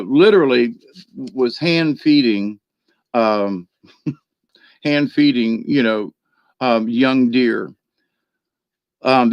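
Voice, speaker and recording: A man telling a rambling personal story in a chatty way, laughing often and filling pauses with ums and restarts. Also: medium pitch, vocal fry, no room sound. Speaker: spiritual card reader. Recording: dry, dull lo-fi sound.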